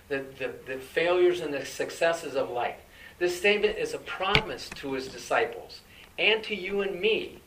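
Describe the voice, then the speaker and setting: Guy preaching a sermon kinda chatty, asks lots of questions, voice a bit high, sounds far from the mic. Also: sharp tone, slight background noise. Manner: conversational preaching with rhetorical questions.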